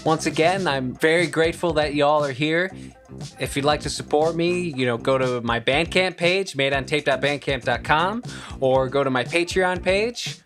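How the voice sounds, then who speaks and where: A man giving a casual home-recording tutorial in a relaxed, chatty way with friendly asides, speaking into a studio microphone. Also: a little high, normal speed, faint music behind.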